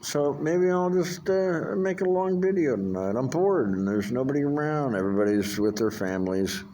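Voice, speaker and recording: A man's voice: fairly high pitch, animated, moderate pace, dark tone, slight background noise. An older man talks in a rambling, profane vlog monologue, full of fillers and restarts. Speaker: vlogger.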